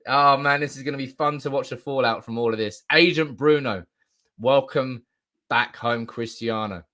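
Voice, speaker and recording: At a desk microphone indoors, a young football fan live streams with a mid-range voice at a moderate pace. He's excited and chatty, reading out comments and swearing between bursts of shouting.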